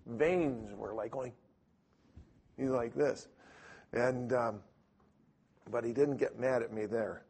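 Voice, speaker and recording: A man's voice: medium pitch, steady tone, slow pace, pauses often, a little mellow, breathy edge. A man giving an informal church teaching, telling stories with frequent restarts and self-deprecating asides.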